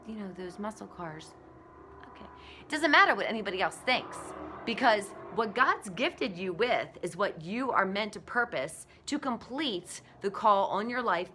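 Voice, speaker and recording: A woman in her forties, a blogger giving a candid, animated motivational talk. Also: mid-range voice, slight background noise.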